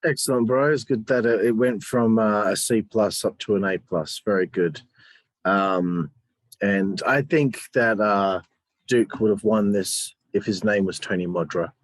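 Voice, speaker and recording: A man co-hosting a podcast, chatting casually and teasing his partner in animated banter. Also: on the low side, a little slow, no echo. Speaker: podcast co-host. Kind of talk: casual wrestling review chat.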